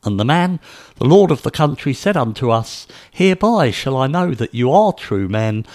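A man's voice: medium pitch, very animated, normal speed, a little mellow, close to an everyday voice. A man voicing a group of anxious grown brothers pleading their innocence in an earnest way.

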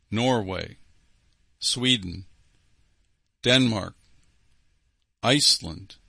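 A man's voice: lowish voice, bright, forceful tone, dry recording. A man hosting a program, reading listener letters aloud and commenting on them with emphatic repetition. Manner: emphatic, repeats key phrases.

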